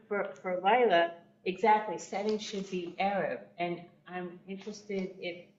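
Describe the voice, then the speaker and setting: A woman's voice: lowish voice, a little mellow. A woman adding to a group text study, hesitant and searching as she speaks. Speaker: participant. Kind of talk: discussion contribution. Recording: echoey, dull, faint noise.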